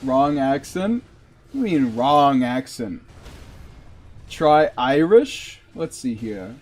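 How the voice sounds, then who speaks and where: Streaming a game, a man chats casually and rambles, saying "like" constantly. His mid-range voice is slightly mellow and slow, with big swings in pitch.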